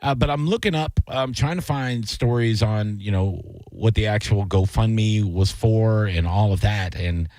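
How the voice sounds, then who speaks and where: A man's voice: lowish voice, measured pace, few pauses, darkish tone, no echo. A man hosting a radio show, rambling and joking in casual banter with plenty of fillers. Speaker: radio host.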